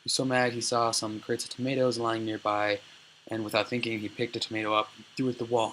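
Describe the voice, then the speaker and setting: A man's voice: fairly low pitch, little pitch movement, brisk, fairly bright tone, slight background noise, poor audio. A man casually summarizing a book chapter in informal, filler-heavy speech. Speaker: narrator retelling a book chapter.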